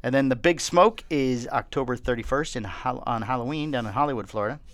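A man's voice: medium pitch, fairly quick. A man co-hosting a podcast, chatting casually and reading out news items with plenty of fillers and restarts. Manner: rambling, reads news items aloud with fillers. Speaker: podcast co-host. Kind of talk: casual chat.

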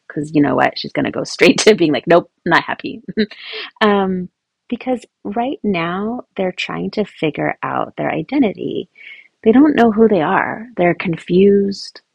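A woman hosting a casual advice talk for mothers, chatty and animated, acting out little quoted lines. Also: fairly low pitch, no room sound. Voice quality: gravelly, husky. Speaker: podcast host speaking to mothers.

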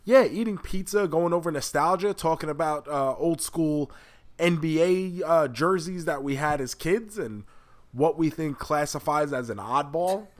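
A man with a fairly high voice co-hosts a casual pop culture chat. He talks in an animated way, swears freely and exaggerates for comic effect. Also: unhurried. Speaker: podcast co-host.

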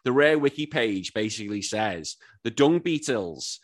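Animated man with a Wirral accent. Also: lowish voice, measured pace. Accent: Wirral, Merseyside. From England. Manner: animated storytelling, swears often, jumps into excited quotes. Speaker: podcast host. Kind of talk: casual chat.

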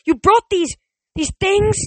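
A reader voicing a grieving, furious young boy who shouts accusations as his voice breaks. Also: mid-range voice, expressive, brisk, breathy edge, no room sound. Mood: furious shouting.

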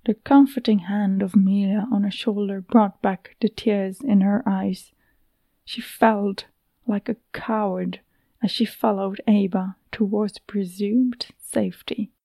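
A woman narrating a fantasy story in a steady, even reading voice. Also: mid-range voice, takes it slowly, gravelly, dry recording. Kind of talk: scripted audiobook narration.

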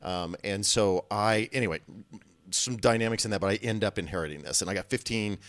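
Man, 50s, from Illinois, low voice; folksy, joking guest storyteller, dry close mic. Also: fairly quick, fairly bright tone, dry recording. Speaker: podcast guest, pastor. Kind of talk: casual storytelling.

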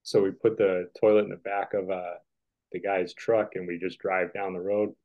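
A man's voice: low voice, little pitch movement, normal speed. A man in his forties, a guest on a video call, telling casual stories in a rambling way with lots of fillers. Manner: rambling, filler-heavy, chuckling. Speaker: podcast guest, tennis player. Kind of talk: casual storytelling. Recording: dull lo-fi call audio.

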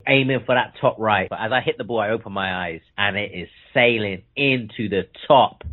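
A young man tells a story in slangy, animated casual chat. His voice sits fairly low and comes through a thin, phone-like band. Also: normal speed, slight background noise. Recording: tinny phone-like sound.

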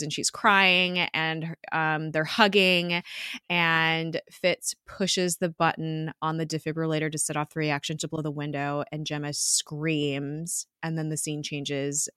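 A woman recapping a TV episode in casual chat, rambling and animated, laughing often. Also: low voice, smooth, dry recording, studio quality. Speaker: podcast co-host recapping a TV episode.

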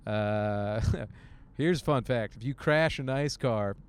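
A man's voice: mid-range voice, takes it slowly, clear, resonant tone. A young man hosting a casual podcast alone, telling a crude story with many jokes and laughs while driving. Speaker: podcast host. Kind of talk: casual solo rant. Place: in a car, driving.

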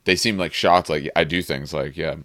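Podcast co-host, man, very low voice, dry close sound, patient teacherly explainer. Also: steady tone, moderate pace, a bit bright, no echo. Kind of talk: casual chat.

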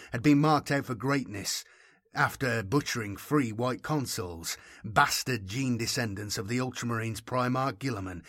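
A man reading a grim story aloud in a grave, measured narration style. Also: medium pitch, a bit bright, no room sound, clean studio sound. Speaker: audiobook narrator. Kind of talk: scripted dramatic narration.

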